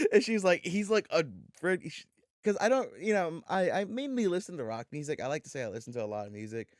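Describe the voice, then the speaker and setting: A man co-hosting a podcast, telling a story in a loose, animated way, swearing freely and acting out the dialogue. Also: fairly high pitch, fairly quick, no echo, clean studio sound. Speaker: podcast co-host. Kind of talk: casual storytelling chat.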